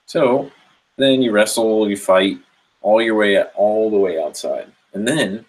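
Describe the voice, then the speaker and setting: A man's voice: lowish voice, a little slow, low-quality recording. A man giving a rambling, earnest motivational monologue about inner growth, swearing casually as he talks. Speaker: spiritual self-help speaker.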